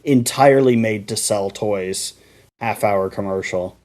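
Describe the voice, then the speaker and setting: Animated man in casual chat. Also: on the low side, unhurried. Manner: animated, swears, mocking. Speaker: co-host.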